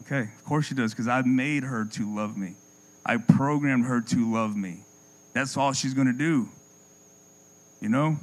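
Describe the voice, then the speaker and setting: A man preaching a sermon with passion, repeating words as he builds a point and dropping his voice low and soft for effect. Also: measured pace, long pauses, low-quality recording.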